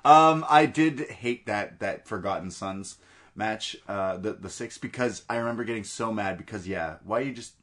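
A man's voice: on the low side, moderate pace, fairly bright tone. A man co-hosting a podcast in casual chat. He talks bluntly, swears freely and laughs often. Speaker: podcast co-host.

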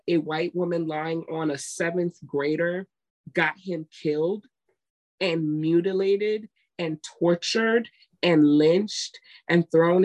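A woman co-hosting a casual chat, telling stories emphatically and acting out what people said. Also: fairly low pitch. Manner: emphatic, retells scenes with quoted voices. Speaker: podcast co-host.

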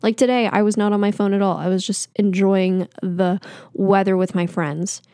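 A woman's voice: medium pitch, steady tone, moderate pace, mellow, clear, resonant tone, no echo. A young woman in her twenties talks alone into a podcast microphone at home, chatty and candid. She pokes fun at herself and scatters fillers through her talk. Her voice sits mid-range and sounds close and dry. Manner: candid, self-deprecating, chatty with many fillers. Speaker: podcast host. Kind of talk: casual solo podcast monologue.

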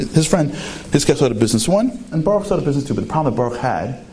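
A man telling a story in a sermon, animated and full of rhetorical questions. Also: medium pitch, slight background noise.

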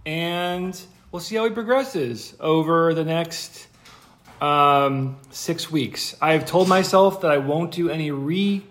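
A young father hosting a casual podcast, gently and patiently coaxing his toddler to say words. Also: fairly high pitch, takes it slowly, echoey room. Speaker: podcast host.

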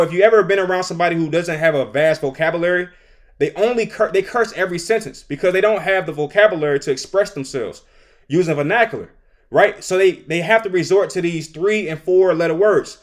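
A middle-aged man hosting a podcast, delivering an animated, opinionated solo commentary and laughing between his points. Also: sits high, a little fast. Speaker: podcast host.

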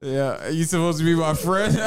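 A man from Philadelphia, a comedian guest on a podcast, teasing in slangy casual chat and laughing often. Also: fairly high pitch. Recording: heavy background noise.

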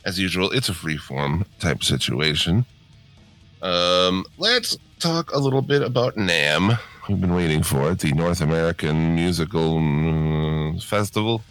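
Gravelly-low groggy morning-voiced man. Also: animated, measured pace, fairly bright tone, faint music behind. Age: middle-aged. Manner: swearing, laid-back, laughs often. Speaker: podcast host. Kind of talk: casual chat.

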